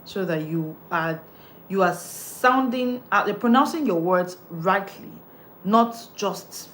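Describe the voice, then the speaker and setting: An emphatic woman coach delivers a live talk with a preacherly lilt, counting off tips one by one. Her pitch sits in a middle range. A faint hum lies under the voice. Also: lively intonation, takes it slowly, a bit bright, poor audio. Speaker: confidence coach.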